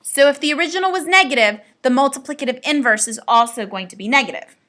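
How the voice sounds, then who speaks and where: Bright-voiced woman teaching math. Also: sits high, quick pace. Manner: upbeat, playful asides to students. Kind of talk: recorded classroom lesson.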